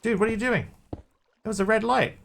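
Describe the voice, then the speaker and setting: A man voicing an alarmed, exasperated male taxi passenger in a joke, with high, incredulous outbursts. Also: moderate pace, vocal fry, fairly bright tone, slight background noise.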